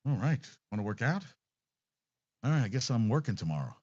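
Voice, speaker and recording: A man's voice: medium pitch, sing-song, a little fast, darkish tone, no echo. A man hosting a sports podcast, giving casual solo commentary with blunt, profane rants. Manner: blunt, profane, ranting asides. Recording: dull, dry lo-fi sound.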